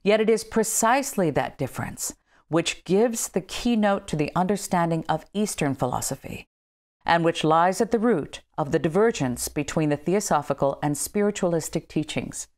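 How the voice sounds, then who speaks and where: A woman's voice: on the low side, expressive, moderate pace, a little mellow. A woman leading a book study, reading a text aloud with emphatic, dramatic delivery and casual asides in between. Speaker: study group leader.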